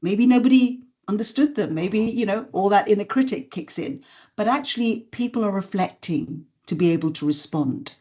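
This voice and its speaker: In a podcast interview, a woman who trains people in voice and communication skills explains and demonstrates, speaking in a mellow, medium-pitched voice. She's measured and instructive, giving examples of intonation.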